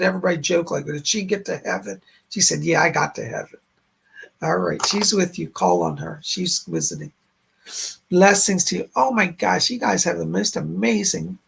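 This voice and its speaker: A man hosting a live-stream psychic reading, relaying spirit messages in a gentle, reassuring way and repeating "she said" as he goes. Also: sits high, gravelly, husky. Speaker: psychic medium host.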